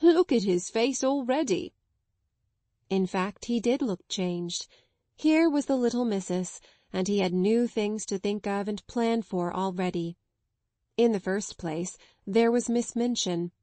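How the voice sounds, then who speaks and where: A woman's voice: medium pitch, dry recording. Woman narrating a classic children's novel. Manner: measured, expressive storytelling. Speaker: audiobook narrator. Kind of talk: scripted narration.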